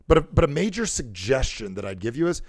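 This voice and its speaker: A man's voice: medium pitch, very animated, fast, no echo, clean studio sound. A man hosting a motivational talk show about sales and conversation, who acts out how people sound on calls. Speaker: show host and sales coach.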